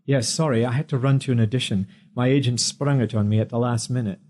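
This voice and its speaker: A man voicing a quick-witted young singer and actor who banters playfully and talks back defiantly. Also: mid-range voice, darkish tone, close to an everyday voice. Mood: friendly.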